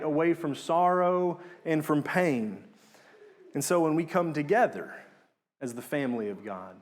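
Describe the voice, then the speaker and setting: A young man preaching a sermon in an earnest manner, rising to emphatic peaks and dropping low on key words.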